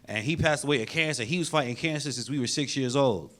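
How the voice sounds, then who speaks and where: A man's voice: mid-range voice, fast, fairly bright tone. A man doing a stand-up set in a comedy club, telling stories with punchy delivery. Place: comedy club stage with laughing audience.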